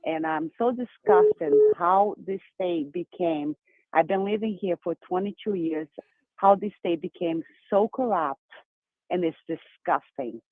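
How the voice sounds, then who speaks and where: A woman from Brazil with a Brazilian accent, calling in to a show and talking fast and emphatically. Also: fairly low pitch, no room sound. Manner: fast, excited, emphatic talker. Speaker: caller. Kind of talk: call-in phone chat. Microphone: telephone. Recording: tinny dry phone line.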